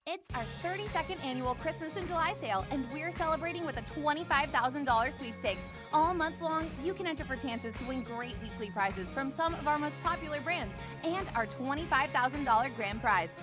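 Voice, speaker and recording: A woman's voice: high voice, animated, brisk, hardly any pauses. A woman announcer reading scripted channel promos in an upbeat, polished way. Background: music bed.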